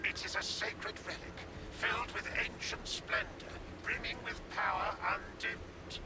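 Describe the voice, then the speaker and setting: Formal grave game commander, kinda high voice, loud noise all over it. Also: male voice, steady tone, a little slow. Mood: solemn. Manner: grave, formal, ceremonious speech. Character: stern formal male imperial war commander. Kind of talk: video game cutscene dialogue.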